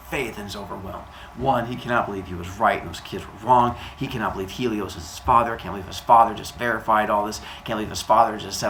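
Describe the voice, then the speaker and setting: A man casually retelling a myth for a podcast, animated and jokey. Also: on the low side, a little fast, hardly any pauses, roomy sound, slight background noise, rough recording. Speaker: storyteller and podcast host.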